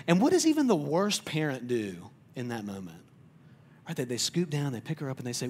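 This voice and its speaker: Conversational pastor, soft and stammering. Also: male voice, medium pitch, very animated, brisk, a little hiss or hum. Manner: conversational, repeats words when starting sentences. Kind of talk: sermon.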